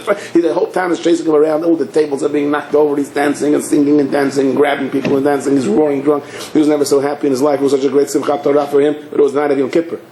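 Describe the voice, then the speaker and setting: Speaking on the high side, the rabbi tells his sermon story at a fast clip, dramatizing it with animation. The hall is echoey, and a faint hiss lingers behind his voice.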